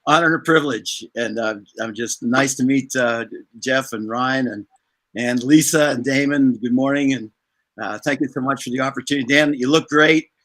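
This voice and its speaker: A man's voice: medium pitch, moderate pace, a bit bright, no room sound. A man appearing as a guest author over a video call, speaking graciously and reflectively. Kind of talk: casual interview chat.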